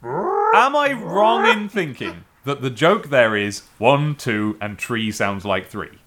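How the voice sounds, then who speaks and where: Ein Mann mit britischem Akzent, der als Co-Host locker über einen Film plaudert. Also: male voice, medium pitch, slow, background noise. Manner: animated, jumps into shouted mock quotes. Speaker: podcast co-host. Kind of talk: casual film discussion.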